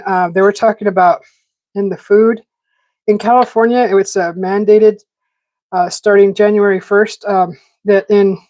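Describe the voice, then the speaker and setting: A woman's voice: mid-range voice, darkish tone, no echo. A woman hosting a live stream, rambling in casual chat with many fillers and restarts, talking while eating. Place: home garden setting.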